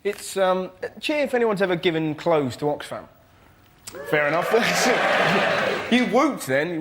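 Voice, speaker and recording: A man's voice: sits high, expressive, moderate pace. A man doing a chatty stand-up bit on a comedy panel show, playing with the crowd. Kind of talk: stand-up routine. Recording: loud noise behind.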